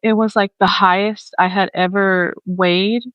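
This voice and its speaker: A woman's voice: mid-range voice, level tone, a little slow, clear, resonant tone, no echo, lo-fi sound. A young woman co-hosting a podcast in a casual chat, chatty with lots of fillers. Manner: chatty, many fillers, acts out quoted voices. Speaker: podcast co-host.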